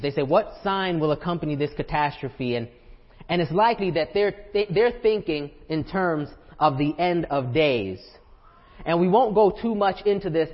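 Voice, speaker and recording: Male pastor, high voice, conversational sermon full of rhetorical questions, long church reverb. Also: muffled recording. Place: church sanctuary.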